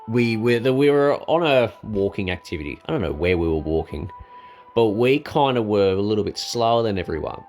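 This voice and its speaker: Young man, casual rambling storyteller, low voice with a swinging, animated pitch. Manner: rambling, with many ums and restarts.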